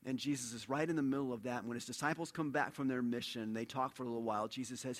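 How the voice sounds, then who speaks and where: A man preaching a sermon in an animated storytelling way, dropping to a hush and then rising loud. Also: medium pitch, fast talker. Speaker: pastor.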